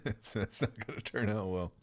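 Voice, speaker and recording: A man chatting on a stream, telling animated stories and mimicking the people in them. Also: lowish voice, normal speed. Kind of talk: casual chat on a sleepy stream.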